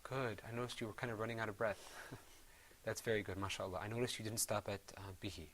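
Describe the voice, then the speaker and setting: A man teaching Quran recitation, patiently encouraging his students and trailing off softly after each bit of praise. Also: on the low side, fairly even intonation, fast talker, a little hiss or hum. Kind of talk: gentle classroom instruction.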